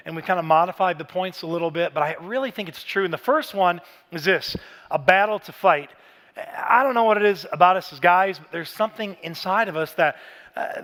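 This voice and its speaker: A man in his thirties delivers a Father's Day sermon with a high, light voice. He talks casually and animatedly, telling stories and sometimes breaking into shouts. The sound carries a long church-hall reverb. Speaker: pastor. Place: large church auditorium.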